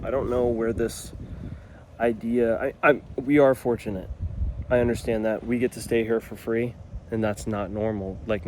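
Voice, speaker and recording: A man's voice: on the low side, a little mellow, slight background noise. A man in his twenties, a new father talking casually and earnestly to camera, rambling a little and restarting his sentences. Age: 20s.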